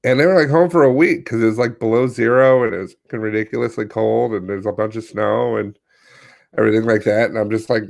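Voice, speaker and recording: A man's voice: lowish voice, fairly even intonation, fast, creaky, a little mellow. A man co-hosting a comedy news podcast, rambling and laid-back with sarcastic asides. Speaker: podcast co-host. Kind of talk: casual comedic chat.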